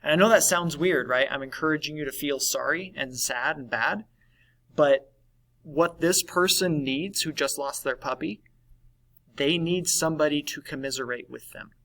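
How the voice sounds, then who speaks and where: A man's voice: on the high side, moderate pace, sharp tone, poor audio. A man teaching a recorded lesson in a conversational way, often checking in with "right?". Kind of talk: recorded class lesson on validation.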